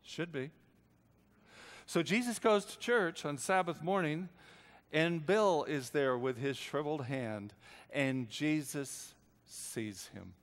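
An older man preaching a storytelling sermon, swinging between hushed and loud lines. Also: a little high, takes it slowly, big-room sound. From United States.

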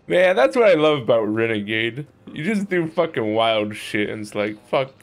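Slow-talking, profane young streamer man. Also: mid-range voice, very animated. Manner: profane, joking, laughs often. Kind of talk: casual live gameplay commentary.

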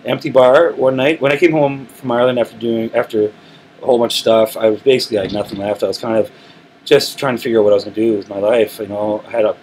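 A man talks easily about his music, voice at a middle pitch, restarting his sentences as he goes. There is a faint hiss of room noise behind him. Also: fast, rough recording. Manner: relaxed, rambling storytelling with frequent restarts. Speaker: musician, interview guest. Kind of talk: casual interview talk. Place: recording studio.

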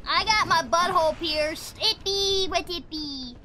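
A woman streaming a video game live, playful and dramatic, with baby talk and loud outbursts at enemies. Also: very high-pitched, measured pace, background noise.

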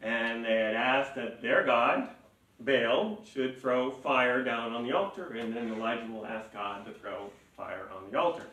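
A man preaching a sermon as pastor, animated and laughing, acting out mocking voices as he reads. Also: medium pitch, a little slow. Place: church sanctuary. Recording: echoey church hall, mic at a distance.

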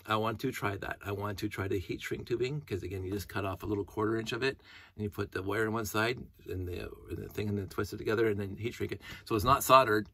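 A man's voice: lowish voice, sharp tone, husky. A middle-aged man talking in a casual, rambling monologue, going off on tangents and humming to himself. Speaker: hobbyist vlogger.

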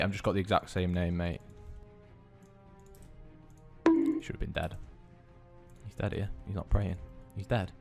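A man hosting a gaming video, giving excitable gameplay commentary, swearing constantly and bursting into yells. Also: low-pitched, vocal fry.

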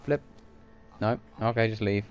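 Let's-play host, lower voice, goofy running commentary. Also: male voice, a little slow. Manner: jokey, silly asides. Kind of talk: gaming commentary.

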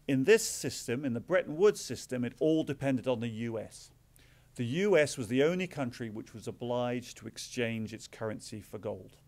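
A middle-aged Englishman giving a public talk as a visiting author, explaining with dry, self-deprecating asides. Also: mid-range voice. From England. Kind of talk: public lecture.

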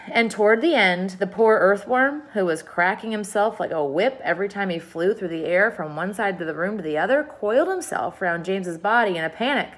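Woman, storybook read-aloud, expressive, mid-pitched voice. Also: poor audio. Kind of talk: reading a children's book aloud.

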